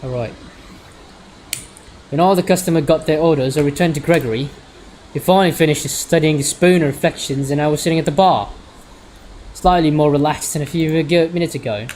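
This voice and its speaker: A man's voice: on the high side, brisk, pauses often, a little mellow, slight background noise, low-quality recording. Man reading a visual novel aloud. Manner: stumbles over words and corrects himself. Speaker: streamer.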